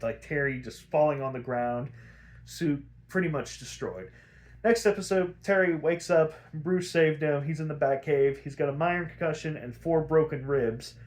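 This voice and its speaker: A young man with a somewhat high-pitched voice recaps a cartoon episode in loose, rambling talk. He swears freely and jumps into quick impressions of the characters' lines, stopping now and then to fix details he left out. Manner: rambling, profane, animated retelling with acted quotes. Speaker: podcast host.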